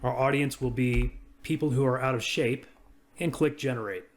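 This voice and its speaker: Brief: everyday male reviewer, mid-pitched, easygoing screen-demo narration. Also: fairly even intonation, normal speed, slight background noise. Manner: casual, talks through each click. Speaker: software reviewer. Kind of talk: screen-recorded software walkthrough.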